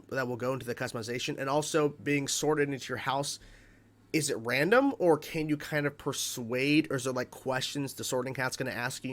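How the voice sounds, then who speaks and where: A man in a mid-pitched voice chats through his reaction to a game reveal. He rambles and wonders aloud, stacking fillers and questions for his viewers. He sounds a little tired at the end of a long day. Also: fairly bright tone. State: tired, voice cracking. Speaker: gaming reaction youtuber. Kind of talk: casual reaction commentary.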